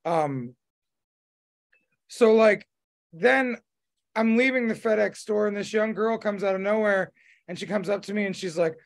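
Here a high-pitched, creaky-voiced podcast host talks a little slowly, leaving long pauses. The casual chat is rambling and full of fillers and restarts.

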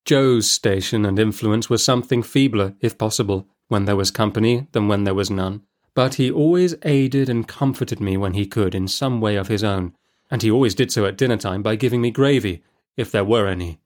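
A man reading a classic novel aloud in a measured, expressive storybook narration. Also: lowish voice. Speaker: audiobook reader.

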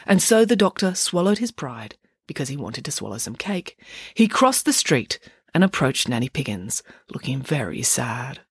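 A woman reading a children's book aloud, telling the story in an expressive, lively way. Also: a bass voice, normal speed, husky, no echo.

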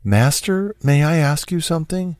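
A man's voice: on the high side, expressive, moderate pace, darkish tone, no echo, clean studio sound, pitched above the performer's own voice, lightly acted. A man voicing a frightened, pleading young woman. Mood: fearful pleading. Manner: timid, pleading, apologetic.

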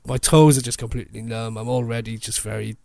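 Animated man telling a story. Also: medium pitch, fast talker, vocal fry. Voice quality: animated, laughs often. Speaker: photographer guest. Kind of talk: casual storytelling.

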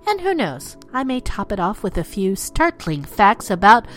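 Woman host, playful and theatrical storyteller, lively pitch, soft music under the voice. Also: moderate pace. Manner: playful, theatrical, slips into pirate talk. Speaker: podcast host. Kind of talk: storytelling narration of dark legends.

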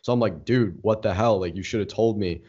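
A young man, co-hosting a casual podcast and telling stories in an excitable, swearing rant. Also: on the low side, fairly quick, slightly rough. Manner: excitable storyteller, swears freely, heated rants. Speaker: podcast co-host. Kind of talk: casual chat. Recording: dull lo-fi recording.

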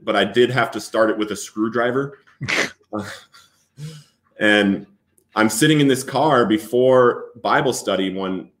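A man as an interview guest, telling a personal recovery story in an earnest, halting way with many restarts. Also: lowish voice, echoey room.

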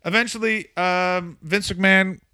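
A man's voice: high-pitched, fairly even intonation, measured pace, bright, forceful tone, clean tone, dry recording. A man co-hosting a comedy podcast, telling stories in a wry way with joking asides. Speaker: podcast co-host. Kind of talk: casual comedy podcast storytelling.

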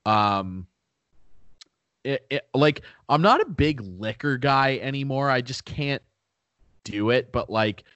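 A man's voice: medium pitch, expressive, takes it slowly, long pauses, a bit bright, no echo, muffled recording. A young man co-hosting a podcast, chatting casually with lots of "like" and "dude" and some swearing. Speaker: podcast co-host. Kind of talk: casual chat.

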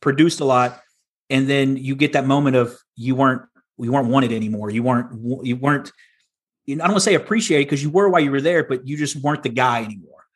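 A man's voice: mid-range voice, fast talker. A middle-aged man from Texas, a podcast guest telling his story in a candid, casual way with frequent restarts. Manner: candid, many restarts and repeats.

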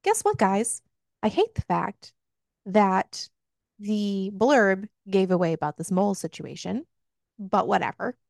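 A woman's voice: mid-range voice, lively intonation, a little slow, creaky, darkish tone, no room sound, clean studio sound. A woman hosting a book club podcast, recapping a novel in casual, frank and profane chat, laughing often.

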